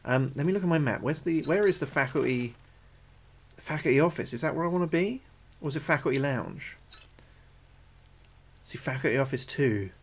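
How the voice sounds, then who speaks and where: Gravelly British man streaming a game. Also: fairly high pitch, expressive, moderate pace. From United Kingdom. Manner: chatty, repeats his own phrases, thanks viewers between moves; jumpy and loud when spooked in the game. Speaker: gaming livestreamer. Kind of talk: live gameplay commentary.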